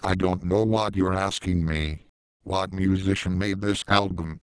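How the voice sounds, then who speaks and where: A man reading a first-person story aloud, voicing both sides of a dialogue in a flat, low-key way. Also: measured pace, clear, resonant tone, no echo, rough recording. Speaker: narrator.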